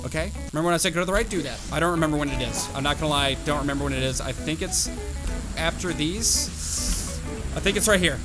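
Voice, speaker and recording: A young man talks his way through a game in a high voice, one that leaps wildly between low mutters and sharp cries. He talks to himself, groaning at his failures and cheering his wins. Clear game music plays behind him. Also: expressive, fast talker, poor audio. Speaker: gaming channel host. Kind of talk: casual gameplay commentary.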